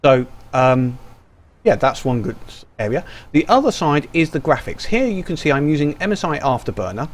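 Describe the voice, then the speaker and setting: A man giving casual, rambling gameplay commentary full of ums and restarts, recorded over a screen capture. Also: fairly high pitch. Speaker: gaming YouTuber.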